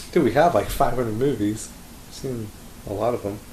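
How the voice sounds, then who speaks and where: A man's voice: mid-range voice, a little slow, a little mellow, echoey room, slight background noise, low-quality recording. A man co-hosting a podcast, chatting loosely, laughing often and filling his talk with "like.". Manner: giggly, loose, filler-heavy with lots of "like". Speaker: podcast co-host. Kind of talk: casual chat.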